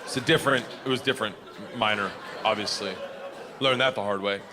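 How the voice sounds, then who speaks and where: A man's voice: fairly low pitch, brisk. Rowdy middle-aged male stand-up comic. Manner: loud, rowdy, profane storytelling with shouted punchlines and put-on voices. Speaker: stand-up comedian. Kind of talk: stand-up storytelling. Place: comedy club stage. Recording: stage PA with long hall reverb and audience noise. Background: audience laughter.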